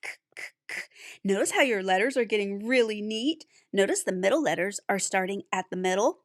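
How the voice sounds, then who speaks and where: A woman teaching young children to write letters, patient and sounding out each letter slowly. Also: medium pitch, no room sound, clean studio sound. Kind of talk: handwriting lesson for young children.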